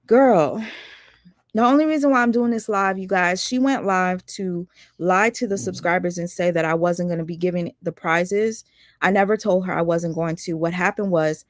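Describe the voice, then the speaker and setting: A woman hosting a casual livestream, talking to her viewers in an animated, indignant way. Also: lowish voice, normal speed, dry recording, studio quality. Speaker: livestream host.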